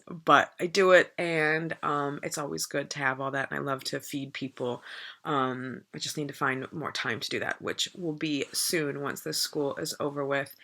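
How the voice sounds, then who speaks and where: A woman's voice: low-pitched, gravelly, pushed and bright. A woman in her thirties chatting to camera in a rambling, enthusiastic way. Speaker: vlogger. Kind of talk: casual chat to camera.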